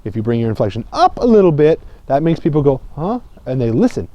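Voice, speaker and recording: A man giving a casual public speaking lesson, talking conversationally and often checking in with "okay?", dropping low and quiet to make a point. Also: very animated, quick pace, dry recording. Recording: slightly dull lo-fi sound.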